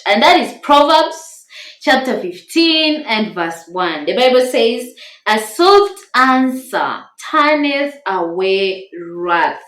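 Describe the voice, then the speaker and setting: Speaking to camera as a Christian marriage-tips YouTuber, a woman delivers an earnest, uplifting devotional message with emphasized words. Her small, tender voice is fairly high-pitched, and the recording sounds roomy.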